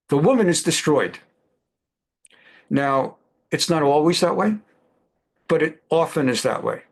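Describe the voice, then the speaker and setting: A man's voice: medium pitch, gravelly. A middle-aged male rabbi giving a Bible class in a conversational way, repeating phrases and glossing Hebrew words in English.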